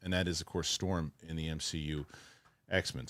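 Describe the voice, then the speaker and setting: Middle-aged guy hosting a show, real low voice, rambly casual chat, dry mic. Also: steady tone, moderate pace, fairly bright tone, no echo. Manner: chatty, rambling with restarts. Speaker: show host.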